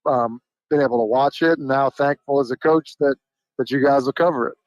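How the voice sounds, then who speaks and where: A middle-aged coach talks on a sports radio show in a plain, mid-pitched voice. He is earnest and thinks aloud as he goes. The sound is dry and close. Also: a little fast, no echo, lo-fi sound. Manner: earnest, many fillers and restarts. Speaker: high school football coach, guest. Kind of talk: radio interview.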